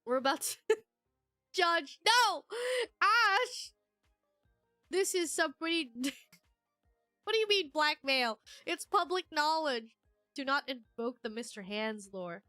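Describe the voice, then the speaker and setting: High bright giggly woman streamer. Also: dry recording. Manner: giggly, rambling with many fillers. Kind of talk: casual livestream chat, reading chat aloud.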